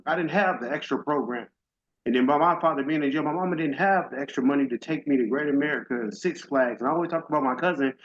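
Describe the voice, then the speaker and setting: Emotional middle-aged man giving testimony. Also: a little high. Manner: emotional, faith-driven, casual and direct. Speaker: summit speaker. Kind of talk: heartfelt personal testimony. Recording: dull lo-fi audio.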